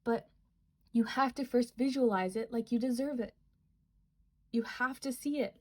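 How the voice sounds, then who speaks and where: A woman's voice: on the high side, moderate pace. Young woman tarot reader, chatty and rambling, earnest tone. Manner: rambling, filler-heavy, earnest. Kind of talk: casual tarot reading.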